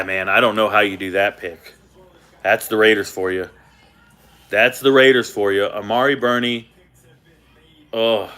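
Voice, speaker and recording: A man hosting a casual live-stream reaction to the football draft from a hotel room without his usual setup, animated and repeating himself for emphasis. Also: medium pitch. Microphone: not his usual setup.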